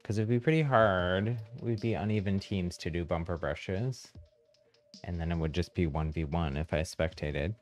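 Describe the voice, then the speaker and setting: A man streaming a game, chatting casually with viewers, a bit hesitant and quick to laugh, his voice a little hoarse. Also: low voice, faint music behind. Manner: relaxed, hesitant, laughs often. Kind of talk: casual live-stream chat.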